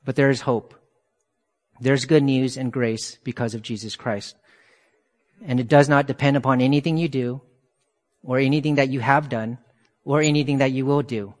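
A man's voice: mid-range voice, steady tone, moderate pace, pauses often. A man preaching a sermon, reading scripture aloud and asking earnest rhetorical questions. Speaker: pastor. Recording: long hall reverb.

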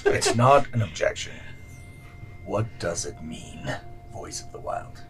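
A man's voice: low-pitched, sing-song, slow, music in the background. A man playing a tabletop game, chatting casually and cracking jokes. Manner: joking, self-correcting. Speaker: player. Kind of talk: casual chat.

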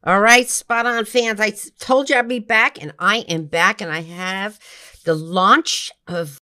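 A middle-aged woman hosting a health podcast, talking with excitement, animated and full of quick restarts. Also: medium pitch. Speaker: podcast host and nutrition professor. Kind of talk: enthusiastic podcast talk.

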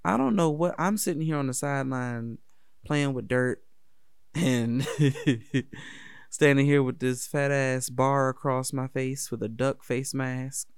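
Gravelly laid-back man from D.C. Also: mid-range voice, a little slow, dry recording, studio quality. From Washington, D.C. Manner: laid-back, profane, laughs often. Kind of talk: casual personal storytelling.

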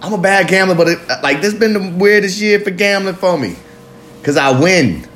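A podcast host runs a live recovery talk show, delivering a loose, profane, confessional monologue. His voice sits high and is a bit bright and expressive at normal speed, sometimes drawing words out.

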